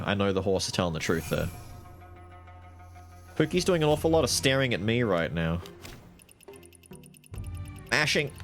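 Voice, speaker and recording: A man streaming a card game live, narrating his strategy, swearing and trash-talking the other players, with bursts of loud excitement. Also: on the high side. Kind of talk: live gaming commentary.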